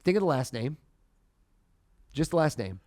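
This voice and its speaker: Man, mentalist guest, theatrical, punches up to loud reveals, raised pitch. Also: normal speed. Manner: theatrical, rising to loud excited bursts. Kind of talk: live mind-reading performance.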